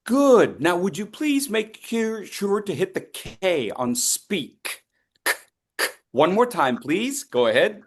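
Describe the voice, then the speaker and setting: A man's voice: high-pitched, sing-song, takes it slowly, hardly any pauses. A man coaching speakers in an online voice workshop, upbeat and leading repeat-after-me drills. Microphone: video call.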